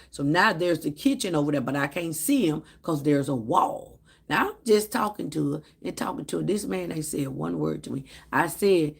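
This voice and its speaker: A woman's voice: sits low, moderate pace, creaky, hardly any pauses, slightly rough. A woman telling a storytime vlog in a casual way, acting out the dialogue of the people in her story. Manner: animated storytelling that acts out quoted dialogue. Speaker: vlogger.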